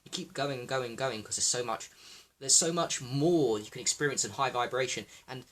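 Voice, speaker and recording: A man rattles through a rambling livestream monologue at a fast clip. His voice is bright and a little husky, and he swears freely and calls out to viewers by name. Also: medium pitch. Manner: excitable, profane, talking to viewers by name. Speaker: livestream host.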